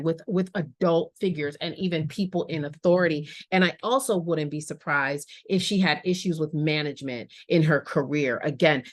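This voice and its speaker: A woman's voice: on the low side, no room sound. A woman giving a casual tarot reading, musing aloud and chatting to her viewers with slangy asides. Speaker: tarot reader.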